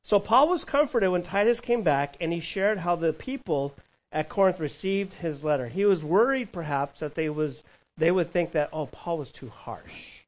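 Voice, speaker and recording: A man preaching a conversational sermon, asking the congregation questions and acting out quoted thoughts with a lively voice. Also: high voice, moderate pace, poor audio. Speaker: pastor.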